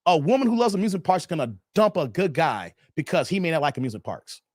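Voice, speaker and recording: A high-pitched man in his thirties rants to his live chat, blunt and full of cursing. His pitch leaps around wildly as he swings from loud outbursts to low mutters, and his voice sounds dry and close. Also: animated, fast talker, dry recording. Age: 30s. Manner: blunt, profane, emphatic, repeats himself. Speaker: live stream host. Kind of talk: ranting commentary to a live chat.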